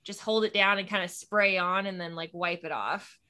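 A woman's voice: on the low side, fairly even intonation, moderate pace, bright, forceful tone. A woman co-hosting in casual chat, laughing often and talking with lots of "like". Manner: chatty, laughs often, many "like" fillers. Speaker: podcast co-host.

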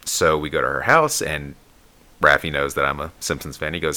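Very deep-voiced man telling a story. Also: fairly quick. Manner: animated storyteller, acts out quotes in a high voice. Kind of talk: casual storytelling chat.

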